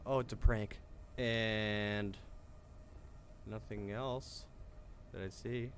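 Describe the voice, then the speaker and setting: A man's voice: fairly low pitch, steady tone, very slow, a little hiss or hum. A young man playing a horror game at home in his bedroom, jumpy and self-mocking, with sudden screams at the scares. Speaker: gaming YouTuber. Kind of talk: horror gameplay commentary.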